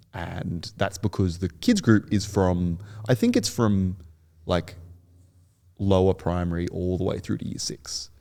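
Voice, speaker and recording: A man's voice: low-pitched, gravelly, a little mellow. A young man speaking as a podcast guest, telling his story in an earnest, rambling way with many restarts. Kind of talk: podcast interview.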